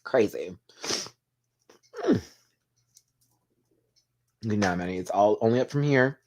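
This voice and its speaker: A man hosts a casual live chat, choked up and emotional. His voice sits a little low, and he talks in an open, heartfelt way, swearing freely as he reads comments. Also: expressive, slow, darkish tone. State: tearful, emotional. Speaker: livestream host.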